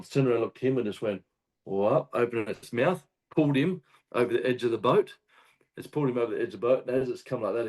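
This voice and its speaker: Low-voiced Australian man telling a story. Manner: animated, swears often, acts out shouted quotes. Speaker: guest hunter. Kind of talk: casual storytelling.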